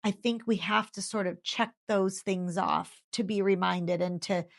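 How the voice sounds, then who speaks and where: A woman's voice: mid-range voice, steady tone, measured pace, vocal fry. A woman in her thirties sharing her faith story in an interview, earnest and heartfelt, repeating phrases for emphasis.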